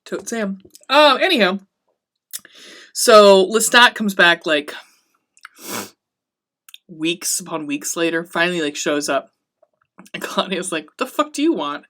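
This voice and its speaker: A woman's voice: lowish voice, slow, long pauses. A woman hosting a podcast, recapping a TV episode in casual, profane chat and acting out the characters' lines. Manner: chatty and excitable, swearing often, acting out the characters' lines.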